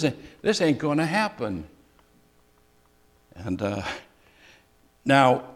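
Older guy preaching real slow, chatty sermon w/ dry jokes, pastor. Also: medium pitch. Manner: slow, conversational preaching with dry humor and pauses.

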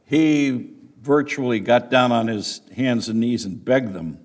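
A male pastor preaching an expository sermon, explaining scripture verse by verse with deliberate emphasis. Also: mid-range voice, darkish tone. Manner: deliberate, emphatic teaching delivery.

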